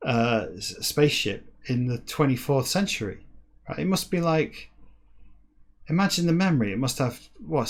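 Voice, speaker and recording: A man in his forties hosting a podcast, rambling through a sardonic, mock-boastful comic monologue. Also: medium pitch. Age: 40s. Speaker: podcast host.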